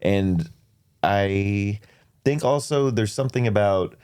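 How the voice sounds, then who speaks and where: A man's voice: lowish voice, slow pace, darkish tone, clear, resonant tone. A man chatting casually as a podcast guest, giggling at himself and trailing off into restarts. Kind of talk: casual chat.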